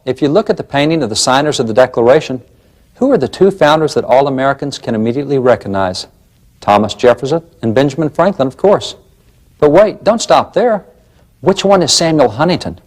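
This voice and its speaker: A man's voice: fairly high pitch, darkish tone. A man presenting a documentary lecture, emphatic and fond of rhetorical questions.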